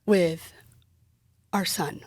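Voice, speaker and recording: A woman's voice: lowish voice, very slow, no echo. A woman quoting a hissing, furious husband. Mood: hissing fury. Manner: hissed, hushed delivery. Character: angry abusive husband, big man.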